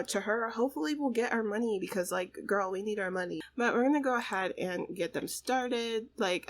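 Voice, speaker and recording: A woman's voice: medium pitch, fairly bright tone, a little hiss or hum. A woman hosting a let's play, giving casual, chatty gameplay commentary full of "like" and "you know". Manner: chatty, laughs often, says "like" and "you know".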